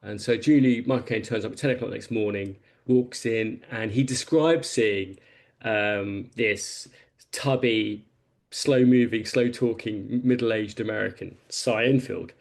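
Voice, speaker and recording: A man's voice: on the low side, measured pace, gravelly. A man on a podcast panel, telling a long film anecdote in a rambling, casual way.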